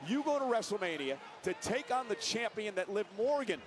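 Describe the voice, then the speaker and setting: High, lively male wrestling commentator. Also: brisk. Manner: excited, calls moves as they happen. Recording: TV broadcast audio with loud background noise.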